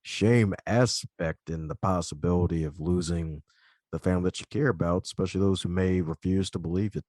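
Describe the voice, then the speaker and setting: A man's voice: low-pitched, a little fast, a little mellow, no room sound, studio quality. A man hosting a podcast interview, speaking in a thoughtful, reflective way. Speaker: podcast host. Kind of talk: interview conversation.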